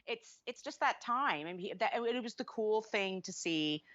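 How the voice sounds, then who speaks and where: A woman co-hosting a podcast, chatting casually about a film with quick opinionated asides. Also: mid-range voice, expressive, a bit bright, no echo. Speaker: podcast co-host. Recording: slightly muffled dull podcast mic.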